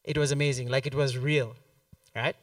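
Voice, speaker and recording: A man's voice: medium pitch, normal speed, no echo, recorded from a distance. A man preaching a sermon at a church service, telling a story and acting out the quotes with plenty of laughter. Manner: animated, acts out quotes, laughs often.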